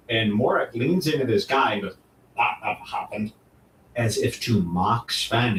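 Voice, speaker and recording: A man in a casual commentary, telling a story in an animated way and mockingly acting out other people's lines. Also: lowish voice. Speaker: streamer reacting to clips. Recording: echoey room, distant mic, faint noise.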